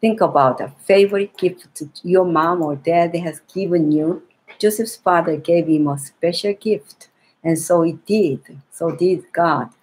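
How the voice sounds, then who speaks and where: A woman tells a Bible story to young children at a slow, unhurried pace. Her voice is somewhat breathy and sits a little low. She reads gently, often stopping to restart a line or repeat a phrase. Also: poor audio.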